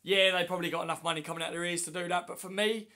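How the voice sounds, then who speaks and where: Hoarse man chatting on a fan livestream. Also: high-pitched, fairly even intonation, racing, bright, forceful tone. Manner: chatty, matey, answers comments one by one. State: hoarse with flu. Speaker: livestream host. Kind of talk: casual livestream chat reading viewer comments. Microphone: phone.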